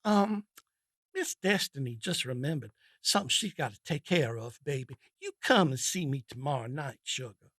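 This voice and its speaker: A man's voice: medium pitch, lively intonation, moderate pace, fairly bright tone, no room sound, studio quality. A man doing a sultry streetwalker woman. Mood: flirty. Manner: sultry, coaxing.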